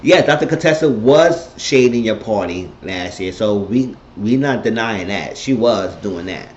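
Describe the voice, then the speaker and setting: Low-voiced man giving a blunt recap. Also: unhurried. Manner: animated, blunt, profane storytelling. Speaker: TV episode reviewer. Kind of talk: casual recap monologue. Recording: echoey, dull lo-fi room sound.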